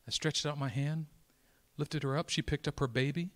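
A man preaching a sermon, telling a story with dramatic swings from soft whispers to loud, high-pitched outbursts. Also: fairly even intonation, moderate pace.

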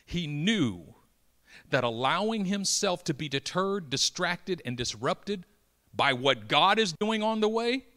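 A man preaching a dramatic sermon, swinging from hushed lines to loud, building emphasis and acting out the voices of Bible characters. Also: on the high side. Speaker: pastor.

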